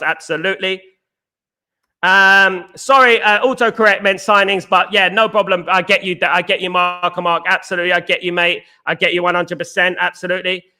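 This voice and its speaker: A man's voice: high-pitched, bright, forceful tone, clean tone. A British man hosting a casual live stream, talking emphatically, repeating himself and reading viewer comments aloud. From Britain.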